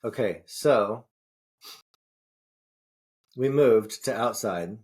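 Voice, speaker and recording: A man's voice: lowish voice, very slow, a little mellow. Musing man interpreting a dream. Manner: thoughtful, musing, short affirmations. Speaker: podcast co-host, tarot reader. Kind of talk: casual chat, interpreting a dream.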